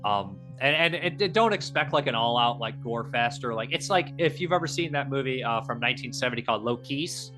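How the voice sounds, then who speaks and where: A man's voice: mid-range voice, animated, fairly quick, hardly any pauses, bright, forceful tone, soft background music. A man hosting a casual podcast chat, rambling with enthusiasm, full of fillers and restarts, swearing casually. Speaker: podcast host.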